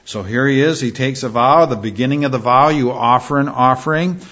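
A man leading a verse-by-verse Bible study in a conversational teaching style, often pausing with fillers and checking in with "all right?". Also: medium pitch, fairly bright tone. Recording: slightly dull lo-fi recording.

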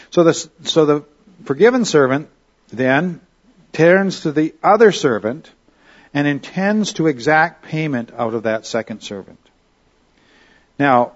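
A man leads a Bible study in a relaxed, conversational way and keeps checking in with "okay?" and "all right?". His voice sits at a middle pitch. The recording is dull and a little lo-fi. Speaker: Bible teacher.

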